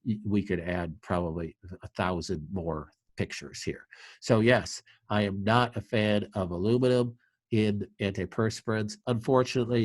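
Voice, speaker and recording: A man's voice: on the low side, no room sound. Earnest man giving emphatic advice. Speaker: clinic doctor answering questions. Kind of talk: live webinar Q&A.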